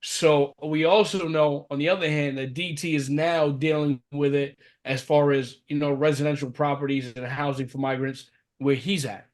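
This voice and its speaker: A man's voice: on the high side, steady tone, normal speed. A man co-hosting a casual podcast, laid-back and laughing, with many fillers. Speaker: podcast co-host.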